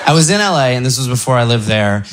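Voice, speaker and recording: A man's voice: medium pitch, fast talker, crowd noise, noisy background. A man doing stand-up, telling a story with animation and acting out each exchange. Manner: animated, acts out the dialogue. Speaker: stand-up comedian.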